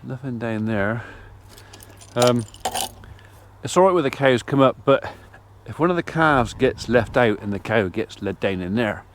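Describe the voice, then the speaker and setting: A middle-aged man, talking casually to camera while he does his farm chores outdoors. He rambles in a relaxed, chatty way and breaks off now and then to talk to his animals. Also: mid-range voice, a little slow, slight background noise. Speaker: farmer vlogger. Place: farmyard outdoors.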